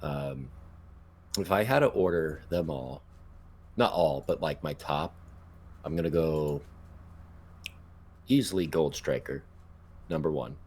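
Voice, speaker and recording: A man's voice: very deep voice, takes it slowly, long pauses, darkish tone, a little hiss or hum. A man co-hosting a casual podcast, laid-back and swearing now and then, trailing off with ums. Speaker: podcast co-host.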